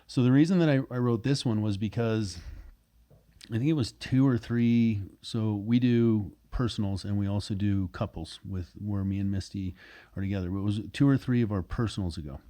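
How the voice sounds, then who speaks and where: A young man hosts a casual interview, his voice sitting low and mellow. He talks candidly and loosely, circling back on his thoughts and swearing without a second thought. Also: normal speed. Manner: candid, rambling, swears freely. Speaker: podcast host.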